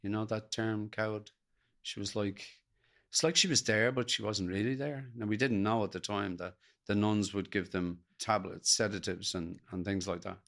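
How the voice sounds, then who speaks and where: An older Irish man recounts his story as an interview guest, speaking plainly and earnestly. His voice sits fairly low and carries a gravelly rasp. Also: steady tone, normal speed, fairly bright tone. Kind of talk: personal storytelling in a podcast interview.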